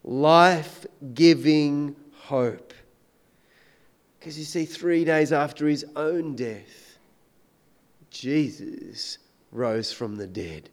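A man preaching a sermon, swinging between loud emphatic declarations and hushed, intense questions. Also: a little high, fairly even intonation, takes it slowly.

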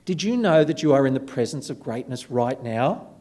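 A man giving a sermon, telling stories in an animated, self-deprecating way. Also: mid-range voice, normal speed. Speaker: preacher. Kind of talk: storytelling sermon.

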